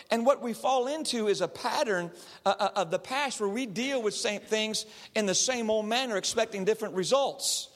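A man's voice: high-pitched, long reverb tail. A man, a counselor, telling stories to a live audience and acting out the people in them. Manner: animated, acts out the people in his stories. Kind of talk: storytelling talk to a live audience.

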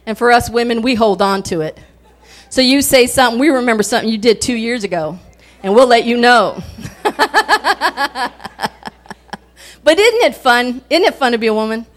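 A woman's voice: fairly high pitch, normal speed, long pauses. A woman preaching a folksy sermon, telling stories and laughing often as she talks. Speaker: guest speaker.

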